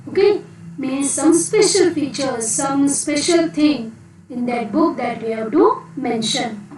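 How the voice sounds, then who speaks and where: A woman's voice: high-pitched, darkish tone, slight background noise. A woman with an Indian English accent, teaching a class and often checking with a rising "okay?". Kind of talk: classroom lesson. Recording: echoey room from a distance.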